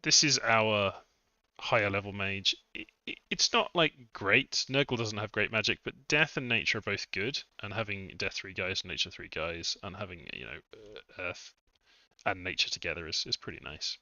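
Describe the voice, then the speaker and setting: A low-pitched man with a very bright, forward tone talks through a game session in a loose, chatty way, muttering asides and poking fun at himself. The sound is dry and close, a little dull and lo-fi, like a basic desk mic. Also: expressive, moderate pace, dry recording. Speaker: game modder streaming a test session. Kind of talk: casual live-stream commentary.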